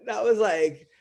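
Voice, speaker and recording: An extremely high-pitched man with vocal fry and a breathy edge appears as a comedian guest on a podcast. His storytelling rambles, crowded with fillers and restarts, in easygoing chat.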